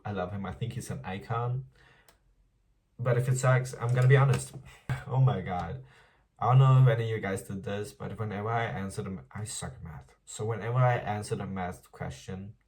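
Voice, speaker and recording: A man's voice: fairly low pitch, a little fast, darkish tone, far from the mic. A young man chatting casually in a diary vlog while doing his makeup, rambling, self-deprecating and swearing playfully. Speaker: vlogger.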